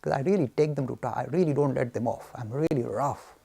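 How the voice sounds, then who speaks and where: A man giving an emphatic, animated lecture that answers audience questions and is full of anecdotes. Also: medium pitch, quick pace, gravelly, slightly rough. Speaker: speaker on Hinduism.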